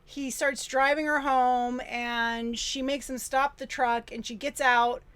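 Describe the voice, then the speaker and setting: A woman's voice: high voice, fairly even intonation, slow pace, fairly bright tone, clean tone. A woman recapping a movie plot in casual chat, laughing and quoting the characters as she goes. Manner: retells film scenes with laughs, mimicking characters. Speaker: podcast co-host.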